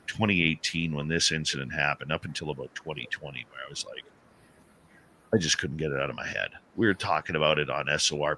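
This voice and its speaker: A man, a paranormal radio host, telling an animated story as an interview guest and acting out the dialogue. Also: very deep voice. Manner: animated storyteller who acts out quoted dialogue.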